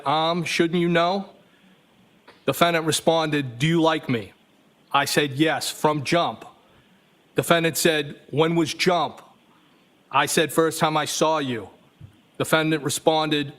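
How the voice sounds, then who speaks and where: A man's voice: fairly high pitch, steady tone, slow pace, long pauses, a bit bright. A man testifying as a trial witness, reading text messages aloud evenly and speaking the punctuation marks.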